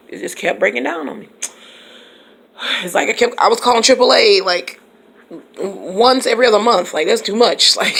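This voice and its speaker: A woman's voice: medium pitch, creaky, a bit bright. A woman teacher chatting casually in her own vlog, laughing often and talking to her viewers by name. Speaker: teacher and YouTube vlogger. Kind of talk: casual vlog chat to subscribers.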